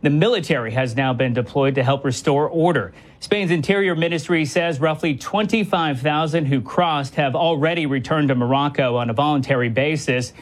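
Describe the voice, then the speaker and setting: Male reporter, a bit high, matter-of-fact. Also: normal speed. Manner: even, informative reporting. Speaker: radio news correspondent. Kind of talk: news report.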